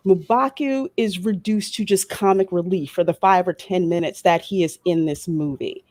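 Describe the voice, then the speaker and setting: A woman's voice: fairly low pitch, moderate pace, a little mellow, no echo. A woman panelist with a Louisiana Creole accent in a heated discussion, speaking emphatically and sarcastically with building indignation.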